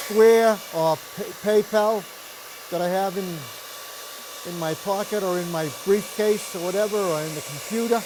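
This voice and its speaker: A man's voice: sits high, noisy background. An older man hosting an art show, chatting casually and telling rambling stories while he demonstrates painting.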